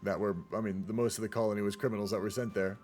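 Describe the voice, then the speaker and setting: A man's voice: lowish voice, fairly even intonation, rapid-fire, a little mellow, soft background music. Rambling man casting a game. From United States. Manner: rambling, chatty, talks to the chat. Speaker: game caster. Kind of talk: casual strategy game replay commentary.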